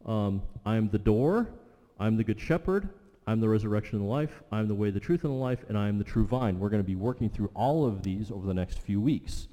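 A male pastor preaching a sermon, telling the story vividly and dropping his voice low for emphasis. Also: lively intonation, fast, mellow. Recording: long hall reverb.

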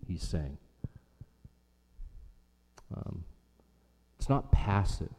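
A man's voice: sits low, warm tone. Earnest preacher man in a reverberant hall. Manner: earnest preaching, repeats phrases for emphasis, slows on key lines. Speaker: pastor. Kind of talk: sermon.

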